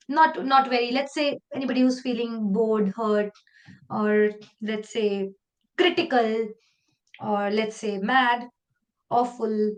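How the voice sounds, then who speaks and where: A woman with an Indian English accent leading a live online training session, talking in a lively, conversational way and slipping into Hindi phrases. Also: fairly high pitch.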